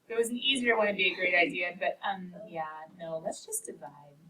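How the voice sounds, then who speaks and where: Bright-voiced woman teaching a math class. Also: on the low side, brisk. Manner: encouraging, playful, talks to equations as people. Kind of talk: classroom lecture. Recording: distant mic with faint noise.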